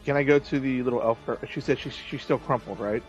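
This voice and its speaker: A man playing a tabletop game, asking quick questions and stumbling over his words. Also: medium pitch, dull audio, faint music behind. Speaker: player.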